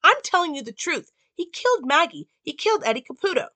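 A desperate mother speaks in a high-strung, urgent voice, performed by a woman retelling a film. The voice is bright and pressing, and the recording is dry and close. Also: very animated, quick pace, no echo, exaggerated voice. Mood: pleading. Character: desperate young mother, frantic and pleading.

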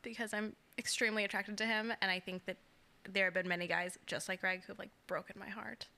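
A young adult woman co-hosting a casual chat, animated, laughing often and acting out what others said. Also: medium pitch, fairly quick. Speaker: podcast co-host. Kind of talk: casual chat recapping a reality show.

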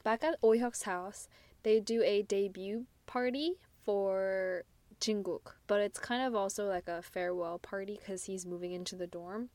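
A woman's voice: mid-range voice, steady tone, a little slow, a little mellow, dry recording. A woman co-hosting a casual podcast, recapping a drama episode in a chatty way with lots of fillers. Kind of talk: casual chat.

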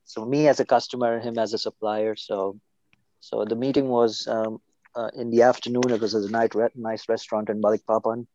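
A man's voice: fairly low pitch, flat delivery, brisk, warm tone, dry recording. A man from India, a guest telling a story hesitantly and repeating words. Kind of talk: casual interview storytelling. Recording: dull, dry recording.

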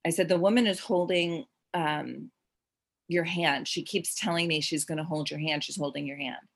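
A woman's voice: low voice, fairly even intonation, normal speed, gravelly, husky. A middle-aged woman, a medium, telling a long personal story in casual conversation, rambling and restarting with frequent fillers. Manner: rambling, self-interrupting, with frequent "like" and "um". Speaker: medium sharing readings.

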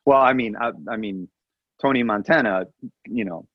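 A man's voice: medium pitch, normal speed, no echo, dull audio. A man from the American Midwest co-hosting a podcast in casual chat, rambling and musing aloud. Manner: rambling, restarts and muses aloud. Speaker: podcast co-host.

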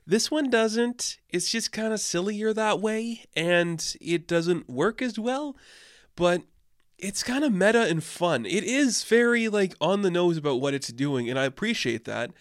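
A man's voice: high voice, lively intonation, measured pace, dry recording, clean studio sound. A man hosting a podcast, giving a casual, rambling and opinionated film review. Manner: rambling and opinionated, many fillers. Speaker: podcast host.

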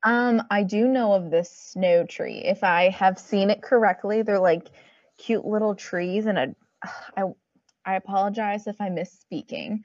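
A woman's voice: mid-range voice, unhurried, darkish tone, dry recording, highs cut off. A woman library staffer and story time presenter chatting casually, eager and a little apologetic, with lots of fillers. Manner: enthusiastic and a bit apologetic, filler-heavy. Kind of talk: casual podcast chat.

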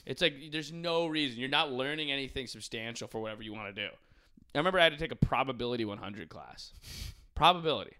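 A man's voice: mid-range voice, animated, quick pace, bright, forceful tone, smooth. A young man on a podcast, chatting casually and animatedly, swearing often and saying "dude" a lot.

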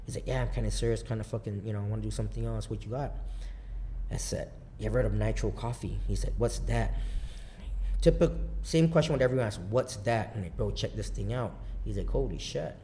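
A man from Guam telling stories in a loose, profane, rambling way, laughing loudly at his own punchlines. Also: on the low side, fast talker, a little hiss or hum. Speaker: podcast guest, coffee bar founder. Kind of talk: casual storytelling chat.

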